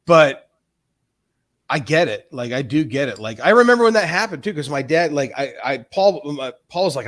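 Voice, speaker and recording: A man's voice: a little high, big pitch swings, normal speed, a bit bright. A man in his forties on a casual livestream, talking in long rambling runs with many restarts and frequent swearing. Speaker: stream host.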